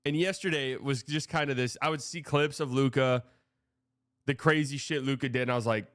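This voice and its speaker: Medium pitch, a steady tone, and a slightly bright sound mark this man's fairly quick speech, recorded at studio quality with no room sound. He runs a live stream of casual commentary on sports news, frank and rambling, cursing a lot and starting sentences over.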